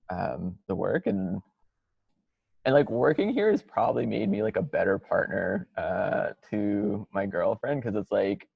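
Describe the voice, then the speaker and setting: A man's voice: lowish voice, gravelly, husky, no echo. A young-sounding co-host man talking casually with many "like" fillers on a video call. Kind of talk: webinar round-table discussion. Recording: dull, dry lo-fi mic.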